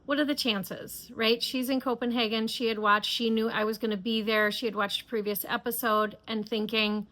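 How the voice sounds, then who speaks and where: A middle-aged woman from the United States chats enthusiastically as a knitting podcast host, stumbling through fillers and restarts. Her voice sits a little high and sounds bright and forward. She speaks with easy, casual energy. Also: fairly even intonation, normal speed, few pauses. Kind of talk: casual chat.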